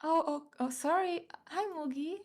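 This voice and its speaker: High-voiced giggly woman streamer. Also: normal speed, a little mellow. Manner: giggly, easily startled, swears. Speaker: streamer drawing live. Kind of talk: casual chat while drawing.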